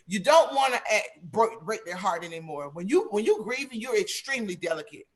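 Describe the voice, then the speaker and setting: A woman's voice: medium pitch, very animated, a little fast. A woman speaks on a video call as a panelist, giving advice in an emphatic, preachy, plain-spoken way. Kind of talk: earnest advice in an online panel.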